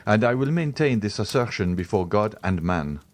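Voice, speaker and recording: A man voicing a grave middle-aged male doctor who speaks in a measured, solemn, explanatory way in an audiobook. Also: lowish voice, animated, voice pushed up, lightly acted. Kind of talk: audiobook character voice.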